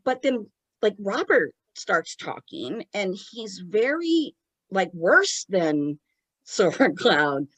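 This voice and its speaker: A woman co-hosting a podcast in casual chat, retelling events in an animated way. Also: medium pitch, slow, dry recording. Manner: animated retelling, acts out quoted lines. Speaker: podcast co-host.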